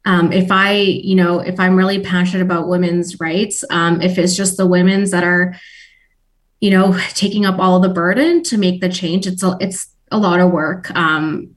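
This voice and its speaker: A woman who coordinates diversity work in engineering speaks earnestly as a radio guest. She pauses often and fills the gaps with ums. Her voice is on the low side and sits a little back from the mic. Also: fairly even intonation, recorded from a distance. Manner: earnest, many fillers. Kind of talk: interview answer.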